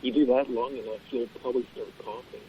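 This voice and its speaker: A man's voice: medium pitch, steady tone, fast talker. Teasing man on a dull line. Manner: teasing, egging others on. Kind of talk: casual radio banter. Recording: dull lo-fi line with crowd noise.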